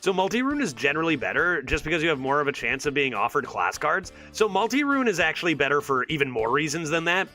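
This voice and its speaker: A man with a slightly high, sing-song, sharp-toned voice streams a card game, talking quickly with few pauses. Exasperated and sarcastic, he thinks aloud to his chat over soft background music.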